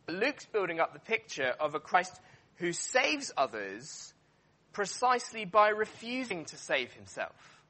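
A man preaching a sermon, emphatic and animated, with frequent fillers and restarts. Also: high voice, a little slow.

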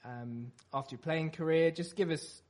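A man interviewing a guest, asking questions in a relaxed way with many restarts. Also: on the high side, normal speed. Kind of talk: casual interview.

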